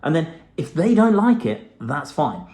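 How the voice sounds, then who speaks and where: A man's voice: fairly high pitch, very animated, measured pace, mellow. A middle-aged man giving a blunt, profane motivational talk to camera, with the odd laugh. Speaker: self-help vlogger.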